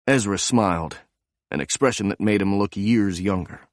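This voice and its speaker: A man narrating a thriller audiobook in a measured, even reading. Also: lowish voice, dry recording, studio quality.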